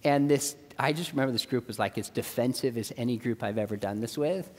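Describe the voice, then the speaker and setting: Animated man speaking in a church hall. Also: mid-range voice, a little fast. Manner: animated, acts out dialogue in quoted voices. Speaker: apologetics speaker. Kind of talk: church seminar talk with storytelling. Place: church auditorium. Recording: long reverb of a church hall.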